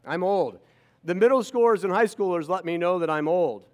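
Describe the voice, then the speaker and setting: A man's voice: high-pitched, animated, normal speed. A man in his fifties telling personal stories to an audience, with sarcastic asides. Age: 50s. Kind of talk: storytelling talk to an audience.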